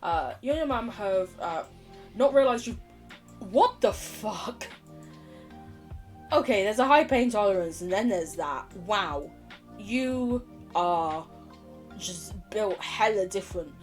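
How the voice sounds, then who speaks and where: A woman's voice: medium pitch, animated, a little slow, soft background music. A young British woman chatting casually on a gaming livestream, wandering off on tangents and laughing often. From United Kingdom. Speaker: streamer.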